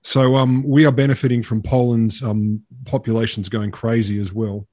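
A man's voice: mid-range voice, flat delivery, normal speed, mellow, no echo, clean studio sound. An Australian man co-hosting a podcast, sardonic and sweary, riffing on news items in casual chat. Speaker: podcast co-host.

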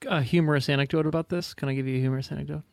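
A man's voice: fairly high pitch, steady tone, racing, vocal fry, darkish tone, dry recording. A man telling a casual, joking, self-deprecating anecdote in conversation.

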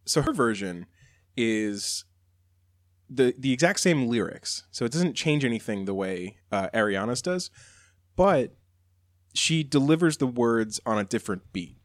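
A man's voice: medium pitch, sing-song, unhurried, dry recording, clean studio sound. A man co-hosting a podcast, chatting casually and enthusiastically about songs. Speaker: podcast co-host. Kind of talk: casual chat.

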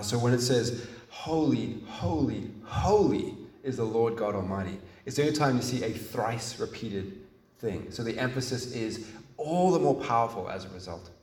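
Male preacher, earnest and emphatic, heard from a distance in an echoey room. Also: on the low side. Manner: earnest, emphatic, with frequent restarts and pauses. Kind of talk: sermon.

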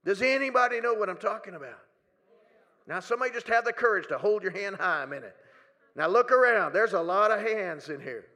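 A man preaching a sermon, his voice sitting high and ringing bright. He sinks into near-whispers, then climbs to loud pleading cries, stretching key words slowly. He speaks to a live congregation in a church hall. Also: expressive. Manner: slow, drawn-out phrasing.

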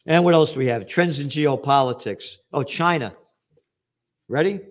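A man's voice: fairly high pitch, moderate pace. Blunt profane older New man. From New York, USA. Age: 70s. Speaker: host. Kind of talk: ranting commentary.

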